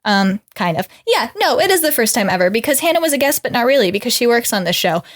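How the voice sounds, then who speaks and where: A woman's voice: a little high, very animated, fast talker. A woman co-hosting a podcast, talking in a rambling, casual way and laughing often. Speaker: podcast co-host. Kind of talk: casual chat.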